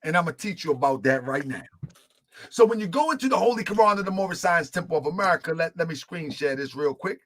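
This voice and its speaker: A man giving a religious teaching, retelling a story in an animated way with many fillers. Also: on the high side, quick pace.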